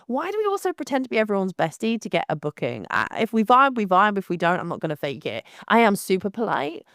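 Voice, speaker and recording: A young woman, hosting her own podcast in a blunt, animated, casual monologue with frequent restarts. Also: medium pitch, quick pace, no room sound, studio quality.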